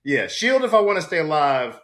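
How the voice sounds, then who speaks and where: Animated man telling a story, bright voice. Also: brisk. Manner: animated storyteller, acts out quotes with big pitch jumps. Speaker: actor guest. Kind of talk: casual storytelling interview.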